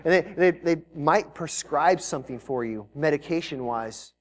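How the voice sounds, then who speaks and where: A man's voice: fairly high pitch, expressive, moderate pace. A man preaching a live sermon as pastor to a congregation in a church, talking in a conversational way and mixing in joking asides. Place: church service before a congregation.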